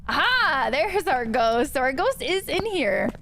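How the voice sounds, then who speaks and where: A woman's voice: high voice, big pitch swings, a little slow, fairly bright tone, slight background noise. A woman streaming a ghost-hunting game, chatting playfully with her viewers. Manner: chatty, thanks chat, playful slang. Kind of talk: chatty gameplay livestream.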